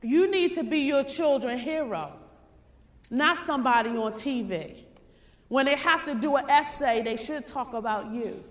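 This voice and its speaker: A woman giving an emphatic, preacher-like motivational speech at a sales convention, repeating her lines and sometimes shouting them. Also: sits high, measured pace. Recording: reverberant hall.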